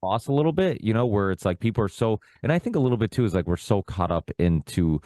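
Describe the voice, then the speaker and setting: A young man with a very low, deep voice chats as a podcast guest. He rambles loosely, piling on fillers as he tells family stories. The sound is dry and close, with no room around it. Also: very animated, quick pace, warm tone, dry recording. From United States, Portuguese immigrant family. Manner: rambling, heavy with fillers like "you know" and "like". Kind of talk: casual conversational storytelling.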